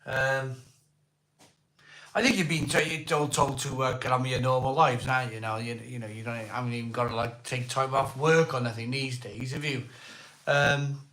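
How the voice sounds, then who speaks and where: A Welsh man with a voice hoarse from a cold, hosting a casual live stream, greeting viewers by name and asking for likes. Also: mid-range voice, fairly even intonation, normal speed, a bit bright. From Wales. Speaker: livestream host. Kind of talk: casual live chat reading viewer comments. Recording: echoey room.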